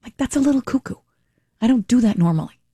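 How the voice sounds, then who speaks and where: A woman's voice: on the high side, animated, fast, warm tone, slightly rough, dry recording, studio quality. A woman hosting a radio talk show, telling a rambling story with lots of asides and reading a live ad. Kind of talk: chatty storytelling and live ad read.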